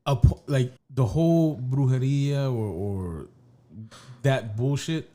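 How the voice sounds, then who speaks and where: A man's voice: mid-range voice, slow, dark tone. A man co-hosting a podcast, telling a long story in casual chat, rambling and swearing, with many restarts. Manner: rambling, profane, restarts often. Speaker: podcast co-host.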